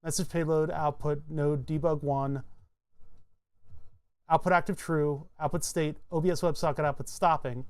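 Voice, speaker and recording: A man streaming live, thinking aloud in a halting, self-interrupting way as he works through a technical problem. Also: fairly high pitch, steady tone, clean tone. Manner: muttering, halting, self-interrupting while debugging.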